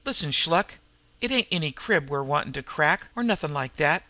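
A man's voice: fairly high pitch, expressive, moderate pace, bright, forceful tone, no echo. A man voicing a complacent street crook who talks in airy, eager slang in a storybook reading. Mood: breezy.

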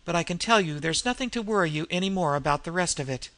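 A man doing a gravelly, snarling old crook. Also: fairly high pitch, animated, fast talker, fairly bright tone, no room sound. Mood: confiding. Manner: grunting, turning to snarling threats. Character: crafty, wizened, disreputable old male fence.

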